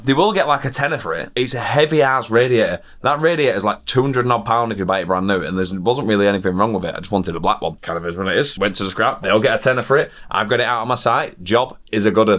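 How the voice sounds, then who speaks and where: A man's voice: medium pitch, expressive, fast, a bit bright. A young man with a British accent chats straight to camera in a casual daily vlog. He talks bluntly and easily, dropping the odd swear word as he goes. His voice sits in a plain middle range. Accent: British English. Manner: chatty and blunt, with mild swearing. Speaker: daily vlogger.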